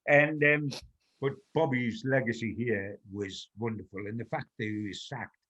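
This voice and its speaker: A man's voice: mid-range voice, steady tone, normal speed, fairly bright tone, lo-fi sound. An older man from North East England, a veteran football journalist telling anecdotes in an interview and chuckling through his stories. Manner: chuckling storyteller, quotes people in his tales.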